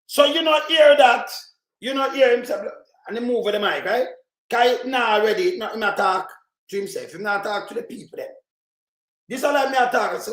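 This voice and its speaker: A man's voice: high voice, expressive, moderate pace, reverberant. A man with a Jamaican accent hosting a live stream, ranting and cursing as he comments on clips. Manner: profane, ranting, shouts often. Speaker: livestream host.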